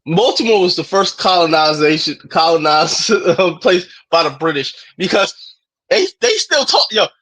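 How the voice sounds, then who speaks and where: A man co-hosting a podcast in casual chat, animated and laughing, slipping into impressions as he talks. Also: high-pitched, normal speed, low-quality recording. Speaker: podcast co-host.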